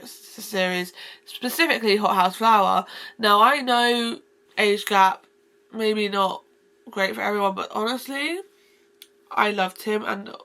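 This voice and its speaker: A woman talking straight to camera in a casual book vlog, gushing and effusive, often rambling and restarting her sentences. Her voice is bright and forward, with a gravelly fry running under many of her words. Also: medium pitch. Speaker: book vlogger.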